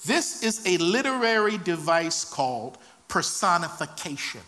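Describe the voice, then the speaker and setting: A man's voice: sits high, big pitch swings, measured pace, sharp tone. A man preaching a sermon, reading scripture and rising into impassioned, dramatic cries.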